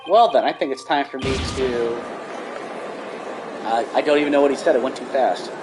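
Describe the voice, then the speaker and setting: A man's voice: medium pitch, moderate pace, over music. A man making casual, joking asides while playing through a video game. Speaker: gamer. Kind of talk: let's-play commentary.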